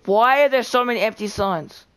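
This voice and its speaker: A woman's voice: fairly high pitch, moderate pace, a little hiss or hum. A woman chatting while playing a game with a friend, often protesting and exclaiming. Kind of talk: casual gameplay chat with a friend.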